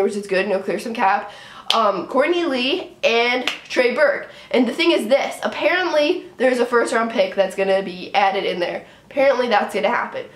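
Animated, exasperated young woman, echoey room. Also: on the high side. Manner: animated, exasperated, talks in quick bursts with many "right?"s. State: sick with a sinus infection. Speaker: sports vlogger. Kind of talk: casual fan rant to camera.

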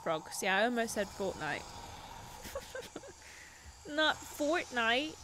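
A woman's voice: on the high side, big pitch swings, slow, background noise. A woman hosting a game livestream, joking and bantering with her chat in casual let's-play commentary. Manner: playful, jokey, bantering with chat. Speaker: streamer and show host.

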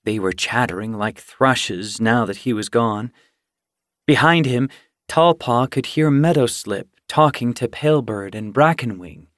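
Man, audiobook narration, slow measured pace, dry close sound. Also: medium pitch, fairly bright tone, no echo. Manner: measured storytelling. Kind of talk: scripted narration.

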